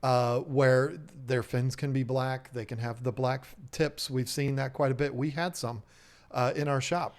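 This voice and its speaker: A man co-hosting a live stream about aquarium fish, reading viewer messages and rambling through jokes and stories in an excitable, chatty way. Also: medium pitch, measured pace. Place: fish shop owner's live stream setup.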